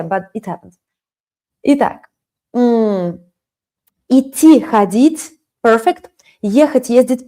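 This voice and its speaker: A woman with a Russian accent teaching a live-streamed language lesson, explaining slowly and mixing English and Russian. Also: a little high, warm tone. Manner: slow, explaining, switching between English and Russian. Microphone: webcam stream.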